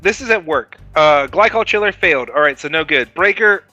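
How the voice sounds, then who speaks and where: Co-host, man, high sharp voice, swears a lot while rambling through stories, dry close sound. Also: lively intonation, a little fast, dry recording, dull audio. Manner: profane, rambling storytelling. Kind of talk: casual podcast chat.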